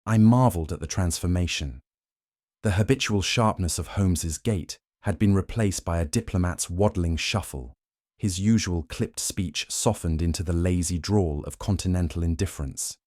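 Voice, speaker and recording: Deep-voiced man narrating a story. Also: a little mellow, no room sound, clean studio sound. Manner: measured, formal storytelling.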